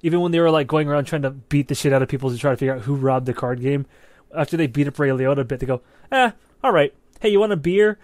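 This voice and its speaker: A man co-hosting a movie podcast, chatting loosely about films and swearing freely as he goes. His pitch sits in the middle, and he often checks in with a quick "right?". The sound is dry and close, with no room echo. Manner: animated, profane, keeps checking in with "right?". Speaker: podcast co-host. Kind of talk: casual movie review chat.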